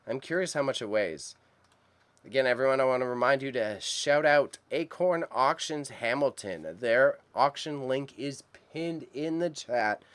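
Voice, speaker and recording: A man's voice: mid-range voice, lively intonation, measured pace, fairly bright tone. A man hosting a live stream about an auction, talking casually and enthusiastically to his chat viewers with a lot of slang. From Canada. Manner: chatty and enthusiastic, speaks straight to chat viewers, uses slang.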